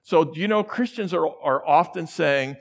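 A middle-aged man from the central United States preaches to a large church. His voice sits a little high, and he tells stories in a casual, conversational way. He acts out the voices of the people he quotes. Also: normal speed, creaky. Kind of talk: sermon with personal stories.

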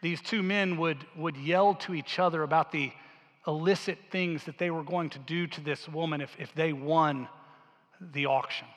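Earnest preacher man in a reverberant church. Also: a little high. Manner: earnest, storytelling with quiet quoted lines. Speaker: pastor. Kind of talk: sermon storytelling. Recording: long hall reverb.

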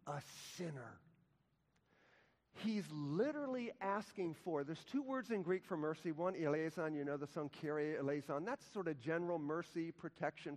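Impassioned male pastor in a reverberant hall. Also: fairly high pitch. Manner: impassioned preaching with wide swings from loud to hushed. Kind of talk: sermon.

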